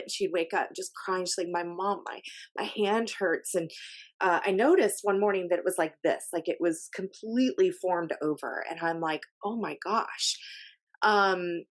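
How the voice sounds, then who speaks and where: A middle-aged woman talking as a guest on an interview show, speaking in a casual way with many fillers and restarts, over a video call. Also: fairly low pitch. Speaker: podcast guest, health coach.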